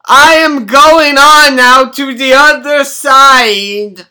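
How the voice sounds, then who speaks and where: A man putting on a high, slow, theatrical voice as a bad guy confessing his sins. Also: steady tone, exaggerated voice. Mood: wailing. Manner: slow, loud, theatrical lament. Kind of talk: mock confession voice.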